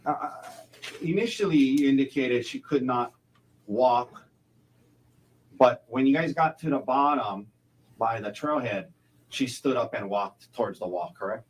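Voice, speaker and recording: A man as a defense attorney cross-examining a witness in court, halting and repeating words, closing each point with a leading question. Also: mid-range voice, slightly rough, low-quality recording.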